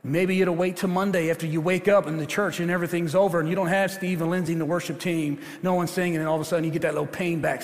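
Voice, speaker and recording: A man with a high voice preaches a sermon from the pulpit, dropping low and hushed and then climbing loud and urgent. His words ring out with the long reverb of a big church hall. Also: fast talker. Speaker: pastor. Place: church sanctuary.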